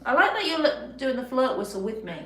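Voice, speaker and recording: A woman's voice: sits high, pushed and bright. A young woman in a room at home, chatting playfully with her pet parrot, giggling often and coaxing it along. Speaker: pet parrot owner and channel host. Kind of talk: casual chat with her pet bird. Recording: roomy echo.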